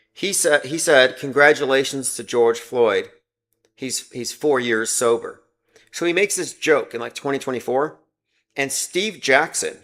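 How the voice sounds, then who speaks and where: A man's voice: mid-range voice, a bit bright. Rambling sarcastic man hosting a livestream. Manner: rambling, sarcastic, reads viewer comments aloud. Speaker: livestream host. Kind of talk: casual livestream commentary.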